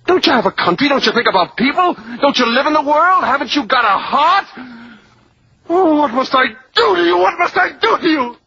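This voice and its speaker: A man's voice: extremely high pitch, lively intonation, normal speed, bright, forceful tone, exaggerated voice. An actor playing a young soldier son who is anguished and bitter at his father, in a 1940s film drama. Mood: accusing. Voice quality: husky, impassioned. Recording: dull old film soundtrack.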